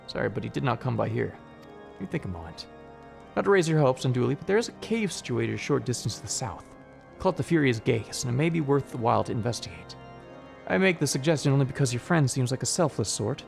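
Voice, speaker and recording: A man voicing a gruff, hospitable male tower keeper, slow and old-fashioned in speech. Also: mid-range voice, animated, faint music behind. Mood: thoughtful.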